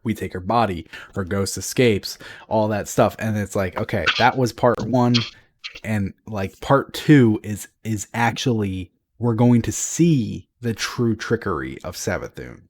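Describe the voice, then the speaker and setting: A rather low-pitched man co-hosting a game-lore podcast. He rambles in casual chat, restarting sentences, and swears when he gets worked up. The sound is close and dry, with no room around it. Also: unhurried, no echo. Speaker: podcast co-host.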